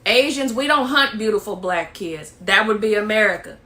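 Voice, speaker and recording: Woman preaching at folks in a clip, bright sharp voice. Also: mid-range voice, expressive, moderate pace. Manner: lecturing, preachy. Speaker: social media commentator. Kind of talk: social media video monologue.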